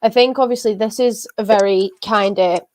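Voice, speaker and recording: A woman in her twenties hosting an interview, chatty and relaxed, with plenty of casual fillers. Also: mid-range voice, moderate pace, a little hiss or hum. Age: 20s. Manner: chatty, filler-heavy, relatable. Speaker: interviewer, host. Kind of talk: casual chat.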